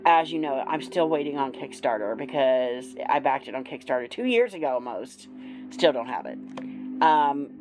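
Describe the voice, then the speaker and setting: Low-voiced woman gushing over tarot decks. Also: lively intonation, moderate pace, over music, rough recording. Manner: gushing, chatty, many fillers. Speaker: tarot vlogger. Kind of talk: casual show-and-tell.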